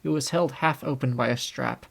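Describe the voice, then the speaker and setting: A man's voice: medium pitch, moderate pace, vocal fry, a bit bright. Young man narrating an audiobook. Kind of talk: scripted narration.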